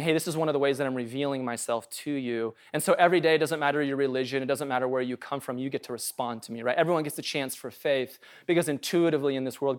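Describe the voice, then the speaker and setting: Conversational jokey preacher man. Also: medium pitch. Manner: casual, conversational, jokey, asks "right?" often. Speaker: pastor. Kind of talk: sermon.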